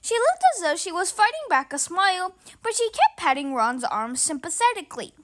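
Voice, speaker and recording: A woman with a high, bright-pitched voice reads a novel aloud. Her delivery swings up and down with a lot of movement, and she stumbles and restarts over a word now and then. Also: moderate pace. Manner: lively, with small stumbles and restarts. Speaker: reader.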